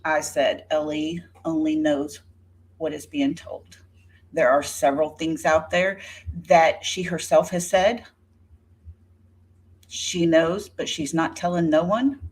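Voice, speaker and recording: A woman's voice: low-pitched, fairly even intonation, slow, pauses often. A woman in her fifties giving an indignant, sarcastic rebuttal on her vlog, speaking straight to a rival by name. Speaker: YouTuber. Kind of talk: rebuttal vlog talking to viewers.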